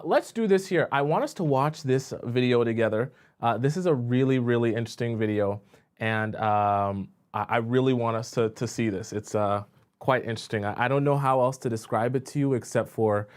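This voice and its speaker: A man's voice: medium pitch, brisk. A man hosting a casual reaction stream on a pin mic, talking straight to his viewers with many fillers. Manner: chatty, addresses viewers directly, many fillers. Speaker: host reacting to videos.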